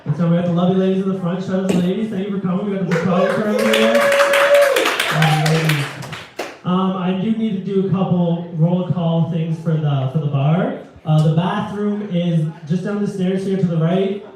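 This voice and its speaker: A man's voice: high voice, steady tone, brisk, background noise. Crude young man doing stand-up in a club. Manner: crude, provocative, teasing the audience. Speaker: stand-up comedian. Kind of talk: stand-up crowd work. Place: small comedy venue with a live audience. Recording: echoey club from a distance with crowd.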